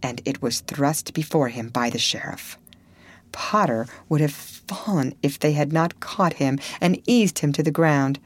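A woman reading a classic novel aloud in measured, expressive audiobook narration. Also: sits low. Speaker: audiobook reader.

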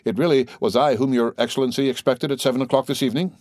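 A man's voice: medium pitch, fairly even intonation, quick pace, darkish tone, no echo, studio quality, pitched above the performer's own voice, lightly acted. A man reading the part of a timid, fawning old Italian ex-major in an audiobook, with a hesitant, eager manner. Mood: eager, anxious.

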